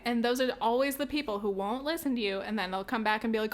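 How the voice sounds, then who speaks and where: Chatty woman podcast host, higher voice. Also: fast talker, few pauses. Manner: swears often, laughs, acts out little scenes with sound effects. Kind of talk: casual chat.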